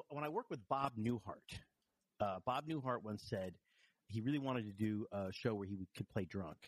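A man's voice: mid-range voice, no room sound. Wry man telling hospital stories. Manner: wry storytelling with frequent restarts and self-deprecating humor. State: recovering from vertigo, a bit wobbly. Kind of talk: casual chat.

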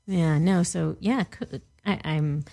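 A woman's voice: deep voice, slow pace, creaky, warm tone. A woman in her forties co-hosting a casual podcast chat, laughing often and trailing off mid-sentence. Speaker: podcast co-host.

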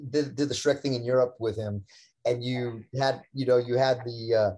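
A man's voice: mid-range voice, steady tone, normal speed, mellow, low-quality recording. A man hosting a casual chat, rambling through stories and mimicking the people in them.

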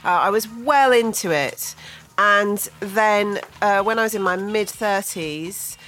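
A woman's voice: mid-range voice, takes it slowly, a bit bright, rough recording. A woman in her forties, a guest on a radio interview, talking in a dry, witty, self-mocking way.

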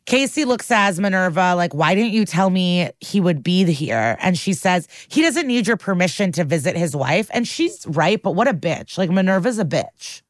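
Woman podcast host retelling an episode, kinda low voice, swears a lot, dry close mic. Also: sing-song, normal speed, few pauses, no echo. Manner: chatty, profane, acts out quotes. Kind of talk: casual episode recap.

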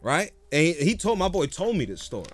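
A man's voice: on the high side, very animated, a little fast. Laid-back, swearing man telling stories. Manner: laid-back storyteller, swears freely, laughs often. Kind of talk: casual chat.

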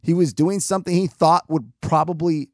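A man's voice: a little high, moderate pace, no room sound, clean studio sound. A young adult man casually telling a personal story in a rambling, self-mocking way, full of restarts. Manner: animated, self-mocking, acts out quoted dialogue; rambling with frequent restarts and fillers.

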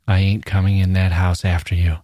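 A low, menacing drawl from a smooth-talking stalker who coaxes with easy slang, read aloud by a man. The voice sits deep and flat, and the recording is close and dry with no room sound. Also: a little fast, no echo. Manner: coaxing, drawling, casual slang.

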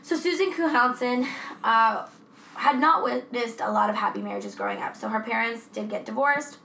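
Gravelly, high-voiced woman podcast host. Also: moderate pace, pushed and bright. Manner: chatty, swears freely. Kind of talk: casual true-crime chat. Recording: echoey room with faint noise.

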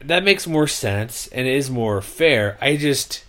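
A man hosting a casual sports chat, his mid-pitched voice rambling through thoughts with plenty of fillers. He gets animated and exasperated as he argues his point. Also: slow pace. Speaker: sports podcast host.

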